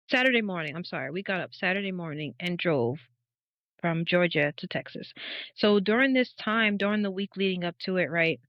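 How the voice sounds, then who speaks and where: A woman in her thirties, a podcast guest, telling her faith testimony as a lively story, acting out the dialogue and laughing often. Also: mid-range voice, no echo. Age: 30s. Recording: dull, dry podcast audio.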